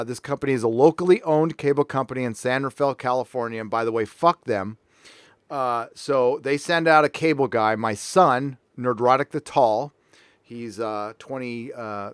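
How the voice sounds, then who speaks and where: A man's voice: mid-range voice, a little slow, smooth, no echo. A middle-aged man hosting a casual panel show from his home recording room, telling a story animatedly and swearing freely. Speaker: podcast host.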